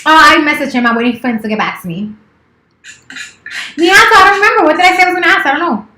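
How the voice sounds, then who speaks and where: A woman's voice: sits high, lively intonation, fast, sharp tone, reverberant. A woman in her thirties chatting casually on a live stream, playful and teasing, swearing freely. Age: 30s. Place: office.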